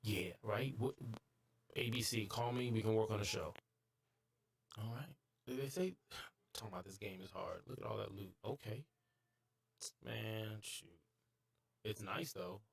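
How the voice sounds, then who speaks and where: A man streaming a game live, excitable and jokey, breaking into bits of song and sudden high-pitched yelps. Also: creaky, breathy edge. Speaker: gaming streamer. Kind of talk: live gameplay commentary.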